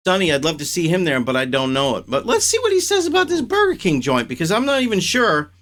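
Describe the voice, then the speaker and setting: A man with a fairly high-set voice hosts his own show in a loose, casual chat. He reacts and rants with strong opinions and sounds animated and outspoken. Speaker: host.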